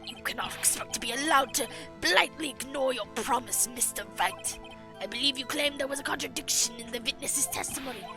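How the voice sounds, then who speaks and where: A woman voicing an arrogant older male prosecutor with a put-on gravelly male voice, in a game playthrough. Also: high voice, a little fast, music in the background. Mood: scornful. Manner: haughty, clipped, scornful.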